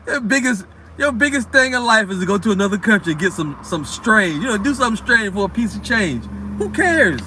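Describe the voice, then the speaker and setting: A man with a high, sharp, bright voice preaches in a loose, unscripted way. he reads scripture slowly, then swings into blunt, profane talk with street slang. the tone stays direct and plain-spoken throughout. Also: a little hiss or hum. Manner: reads verses aloud slowly between rants. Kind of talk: casual scripture teaching.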